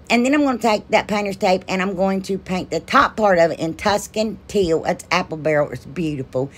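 A woman hosting a craft channel, narrating her project in a chatty, rambling way and gushing with enthusiasm. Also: mid-range voice. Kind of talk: casual craft tutorial narration.

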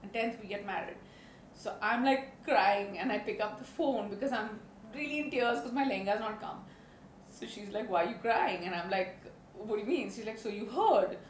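A woman, telling chatty, animated stories as an interview guest and laughing often. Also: medium pitch, moderate pace. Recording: roomy studio with faint background noise.

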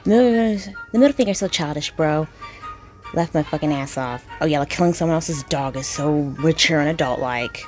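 A woman's voice: deep voice, normal speed, soft background music. A woman reacting to comments in casual commentary, blunt, indignant and profane. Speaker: video creator reacting to comments.

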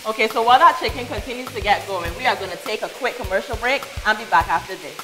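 A woman's voice: a little high, fast, music in the background. A woman hosting a cooking talk show, upbeat as she steers the conversation and introduces the guests in a studio kitchen. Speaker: show host.

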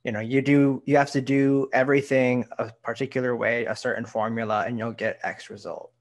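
A man hosting a casual podcast interview, encouraging his guest and filling pauses with "um". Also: medium pitch, flat delivery. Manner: encouraging, frequent "um". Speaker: podcast host.

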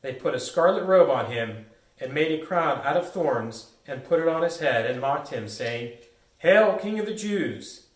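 A man's voice: medium pitch, expressive, normal speed. A man reading a story aloud steadily as a narrator in a church pageant. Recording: echoey church, distant mic.

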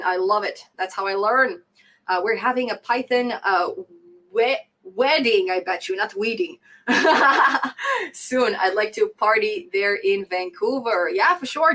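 A woman's voice: medium pitch, a bit bright, poor audio. Chatty woman hosting a coding live stream. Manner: chatty, laughs often, repeats phrases for emphasis. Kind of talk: casual live-stream Q&A reading chat comments.

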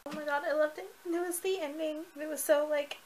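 Woman, excitable book vlogger, gushing, lots of ums, slightly high pitch, faint background noise. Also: fast talker, rough recording. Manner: gushing and excitable, with many fillers. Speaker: book reviewer. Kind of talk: casual book review vlog.

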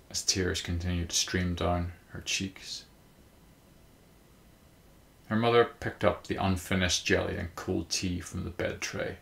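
A man narrating a short story in a measured, even storytelling manner. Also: deep voice, creaky. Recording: roomy echo.

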